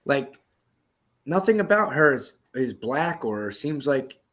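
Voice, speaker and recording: A man co-hosting a podcast in loose, unscripted chat. He swears freely, riffs on jokes and laughs often. His voice sits at an ordinary pitch for a man. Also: big pitch swings, takes it slowly, fairly bright tone. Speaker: podcast host. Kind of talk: casual chat.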